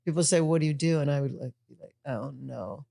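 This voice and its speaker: A woman's voice: deep voice, very fast. A woman in her sixties, a tantra teacher, telling stories effusively in a podcast conversation. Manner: effusive, animated storyteller.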